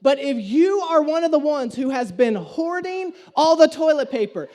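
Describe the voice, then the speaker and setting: A man's voice: extremely high pitch, big pitch swings, moderate pace, hardly any pauses, darkish tone. A man, a pastor preaching a sermon and telling a story with humor and animation. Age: 30s.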